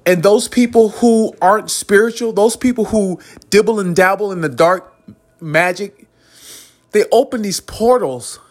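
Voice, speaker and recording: A man's voice: sits high, moderate pace. A man hosting a podcast, giving a rambling, earnest spiritual monologue and chuckling between phrases. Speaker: podcast host.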